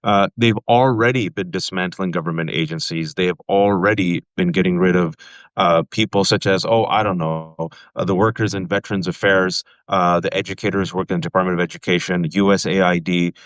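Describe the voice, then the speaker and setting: A man's voice: low-pitched, fairly even intonation, brisk, fairly bright tone, dry recording. A man hosting a political interview podcast, making pointed remarks with frequent fillers. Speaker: podcast host.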